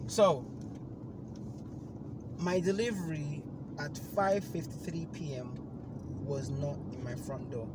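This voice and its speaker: Animated man telling a story in a car. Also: takes it slowly, pauses often. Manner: animated, bursts loud and high when acting out the phone call. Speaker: podcast host. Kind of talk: casual storytelling chat. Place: inside a car. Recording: car road noise behind.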